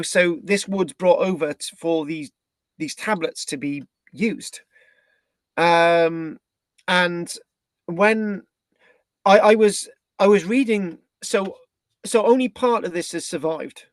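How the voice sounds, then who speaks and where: A man's voice: sits high, slow pace, pauses often, dry recording. Rambling British male history presenter. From Britain. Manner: rambling, with frequent restarts and tag questions. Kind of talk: live online history talk.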